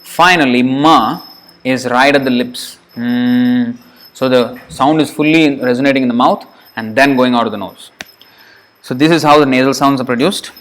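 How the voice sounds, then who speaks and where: A man's voice: medium pitch, fairly bright tone. Patient man teaching sound by sound. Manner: demonstrates sounds slowly and repeats them; patient, explanatory, with light asides. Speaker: Sanskrit teacher. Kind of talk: pronunciation lesson.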